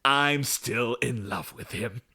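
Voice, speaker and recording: A man co-hosting a podcast, recapping a TV episode in casual chat, sarcastic and quick to act out the characters. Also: mid-range voice, pushed and bright, slightly rough. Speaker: podcast co-host.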